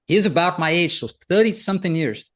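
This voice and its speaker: A man hosting a founders' faith discussion, telling his own stories in an animated way and laughing along. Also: high voice, a little fast. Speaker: host leading a founders' faith talk. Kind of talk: animated storytelling.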